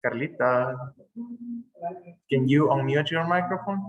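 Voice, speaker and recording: A man whose first language is Spanish teaches an English class over a video call, patiently repeating words for emphasis. His voice is mid-range and a little slow, and the highs are cut off.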